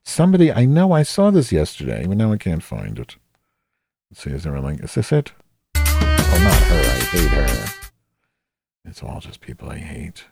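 A man's voice: extremely low pitch, wildly swooping pitch, normal speed, vocal fry, long pauses, darkish tone, husky, faint music behind. A man hosting a podcast, rambling casually with lots of swearing and self-deprecating asides. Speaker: podcast host.

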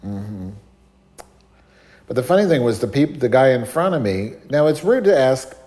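A man chatting casually and telling a story in a sardonic, animated way, sometimes mimicking other voices. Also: mid-range voice, normal speed.

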